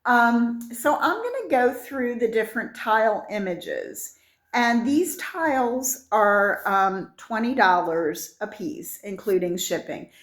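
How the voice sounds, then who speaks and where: A woman's voice: on the high side, animated, slow, roomy sound. A woman in her sixties giving an impromptu, rambling sales talk in her shop, sentimental and full of fillers and restarts. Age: 60s. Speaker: seller of vintage art tiles.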